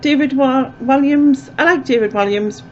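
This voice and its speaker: A woman's voice: high-pitched, moderate pace, a little hiss or hum. A woman chatting casually as a vlogger, rambling with lots of fillers, recorded with dull, lo-fi sound. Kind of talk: casual chat to camera.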